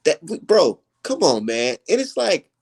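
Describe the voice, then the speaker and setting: A man's voice: fairly high pitch, big pitch swings, unhurried, vocal fry, a little mellow. A man hosting a casual livestream, ranting heatedly with lots of profanity and repeated emphasis. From United States. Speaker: streamer host.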